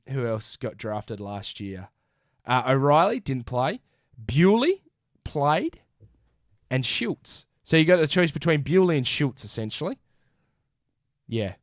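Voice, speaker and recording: Lively Australian podcast host, dry mic. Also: male voice, medium pitch, no echo. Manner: animated, rattles off stats, says mate a lot. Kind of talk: casual sports chat.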